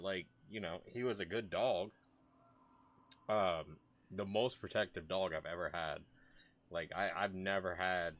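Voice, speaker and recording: Deep-voiced guy ranting on stream, swears a lot, trips over his words, punchy tone. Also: pushed and bright. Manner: rambling, profane, many restarts. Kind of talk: casual commentary.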